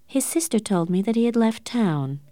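Audiobook character, a woman doing a hurt but proud young woman with an earnest, strained voice that rises high. She speaks plainly and directly, and the recording is close and dry. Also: animated, normal speed, dark tone, no echo, natural voice. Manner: earnest and strained, higher than the narration.

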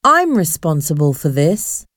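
A woman's voice: sits low, sing-song, a little slow, fairly bright tone, no room sound, clean studio sound, heavily acted. A woman reading a storybook voices a brave, frightened young woman who speaks urgently and exclaims a lot. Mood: earnest.

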